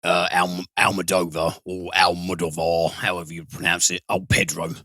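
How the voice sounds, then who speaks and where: A man's voice: low voice, monotone, moderate pace, bright, forceful tone, no echo. A man co-hosting a film podcast, blunt and sweary as he rants about actors. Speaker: podcast co-host. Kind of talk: casual film podcast chat.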